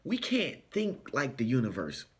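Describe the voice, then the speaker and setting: A man speaking in an animated, preachy, sing-song way in a motivational vlog. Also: mid-range voice, unhurried. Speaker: spiritual self-help vlogger.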